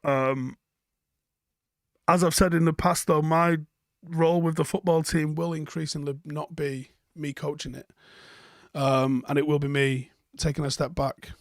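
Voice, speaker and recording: A man's voice: on the high side, flat delivery, measured pace, no echo, clean studio sound. A man hosting a live stream, chatting casually and bluntly while reading out viewer comments, swearing freely.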